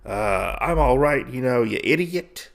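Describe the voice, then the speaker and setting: A man voicing a gruff, self-important male general who scolds his men. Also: medium pitch, expressive, measured pace. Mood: irritable.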